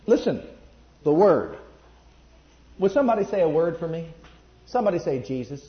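Male preacher, high voice, emphatic sermon delivery, echoey lo-fi church recording. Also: very animated, moderate pace. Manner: emphatic, swings between loud bursts and quiet asides. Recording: echoey room, dull lo-fi sound.

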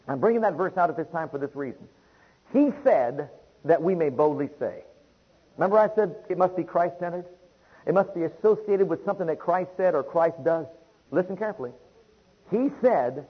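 Husky-voiced preacher declaring in a high voice. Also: male voice, a little fast, muffled recording. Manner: emphatic, rhythmic declarations with repeated phrases. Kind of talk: sermon.

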